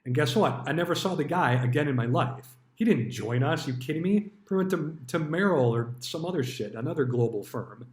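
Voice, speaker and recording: In a room with noticeable echo, a man with a voice on the high side tells stories from his stockbroking days, now retired. He's animated and brisk with few pauses, blunt and casual, cursing freely and voicing the dialogue he recounts.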